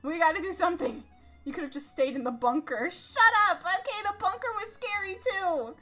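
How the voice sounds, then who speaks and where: A woman streamer playing a text adventure game live, reading it out and reacting in an excitable, dramatic way with lots of swearing. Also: very high-pitched, fairly quick, soft background music.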